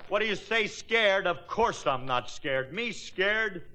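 A man's voice: high voice, animated, slow pace, bright, forceful tone, low-quality recording. Blustering, boastful man. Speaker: comedy show star. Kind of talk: 1940s radio comedy.

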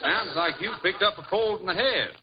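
A man's voice: high-pitched, normal speed, lightly acted. An actor playing a folksy, dim-witted male Texas cattleman with a Texan accent and a hearty drawl, in 1940s radio comedy style. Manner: drawling, hearty, good-natured. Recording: lo-fi old radio broadcast, loud hiss.

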